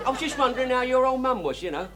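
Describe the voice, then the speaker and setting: An actor playing a cheeky, exasperated working-class bus driver, in a 1970s TV sitcom with audience laughter. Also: male voice, very high-pitched, lively intonation, rapid-fire. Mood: grumbling. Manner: wheedling, exasperated, stammering.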